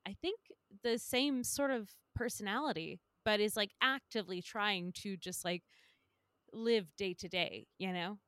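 A woman's voice: medium pitch, a little slow, fairly bright tone, clean tone, no room sound, clean studio sound. A woman hosting a casual film discussion, asking curious questions.

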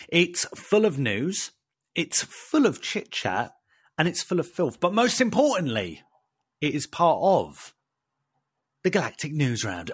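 British guy on a podcast, bouncy up-and-down voice, a bit husky, dry sound. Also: on the high side, slow, no room sound. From United Kingdom. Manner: lively, jokey, playful slang. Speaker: podcast co-host. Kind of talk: casual podcast chat.

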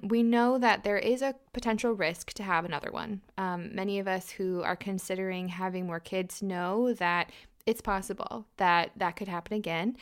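Woman, podcast co-host, smooth clear voice, bubbly, laughs a lot. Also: mid-range voice. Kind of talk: casual podcast chat.

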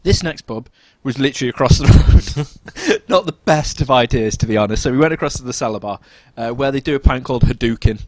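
Animated man telling a pub story. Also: brisk, hardly any pauses, no echo. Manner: animated, jumps into high-pitched quoted voices. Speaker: podcast co-host. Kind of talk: casual chat, storytelling.

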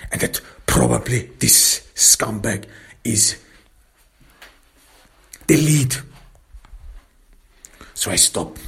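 Slow, gravelly, intensely angry male storyteller. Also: mid-range voice, fairly bright tone. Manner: intense, angry, breaks into whispers. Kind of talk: first-person dramatic story narration.

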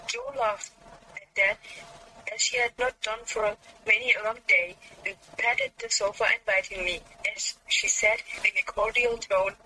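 A woman guest reading a novel aloud in an even storytelling way. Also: medium pitch, measured pace, a little hiss or hum, low-quality recording. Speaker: book discussion guest.

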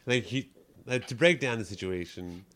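Young man from Canada, casual chat, blunt, swears freely, mid-pitched voice. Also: moderate pace, fairly bright tone. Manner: blunt, profane opinions.

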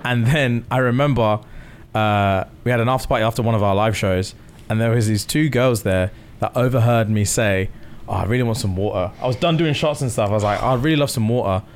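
Fast-talking young man. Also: on the low side. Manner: fast, swearing, quotes people in his stories. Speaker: podcast co-host. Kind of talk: casual storytelling chat.

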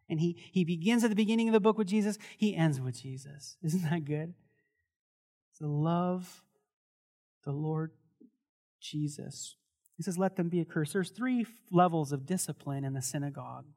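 A male pastor preaching a sermon to a congregation and leading a prayer, talking in an animated, laughing way and often repeating words as he restarts. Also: a little high, normal speed, gravelly. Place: church service before a congregation.

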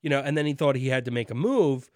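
A man co-hosting a casual chat, animated and jokey, acting out quotes from the show. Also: mid-range voice, quick pace, no room sound, studio quality. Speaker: podcast co-host.

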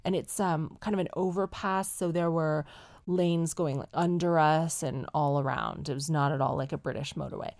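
A woman from the United Kingdom hosting a podcast, chatty and animated, casually telling a travel story while ill. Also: low voice, normal speed.

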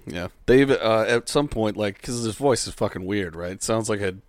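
A laid-back young man co-hosts a podcast, chatting loosely and swearing now and then. His voice sits on the low side and is recorded dry and close, with no room sound at all. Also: moderate pace, dry recording. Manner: laid-back, laughs often, swears casually. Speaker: podcast co-host. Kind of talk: casual podcast chat.

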